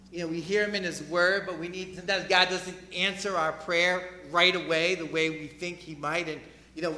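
High, bright-voiced male preacher. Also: reverberant, slight background noise. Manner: emphatic, rising to loud peaks then dropping low. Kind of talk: sermon.

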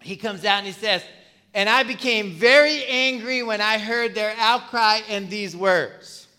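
Bright, high-voiced man preaching in a hall. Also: measured pace. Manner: conversational, asks the congregation questions, repeats words. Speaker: pastor. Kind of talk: sermon. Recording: long reverb of a church hall.

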